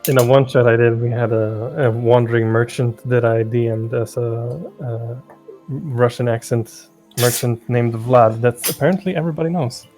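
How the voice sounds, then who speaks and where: A man who runs tabletop games, chatting casually and explaining things in a measured way, repeating words as he searches for the right one. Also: medium pitch, steady tone, a little mellow, faint music behind. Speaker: game master. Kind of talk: casual chat.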